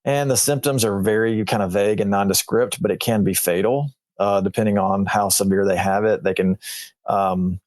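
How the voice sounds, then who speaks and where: A man, a veterinarian guest on a radio show, explaining conditions in a relaxed, plain way. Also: on the low side, moderate pace, dry recording. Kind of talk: casual explanatory chat.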